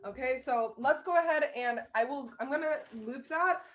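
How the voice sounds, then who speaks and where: A woman's voice: sits high, moderate pace, loud music behind the voice. A woman teaching a live online fiddle lesson. She explains bowing step by step in an encouraging way and sings out the rhythms. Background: violin playing.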